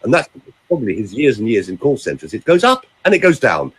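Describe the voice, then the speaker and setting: A man, a vocal coach, talking in a podcast chat and demonstrating delivery with lively emphasis. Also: medium pitch, quick pace, husky.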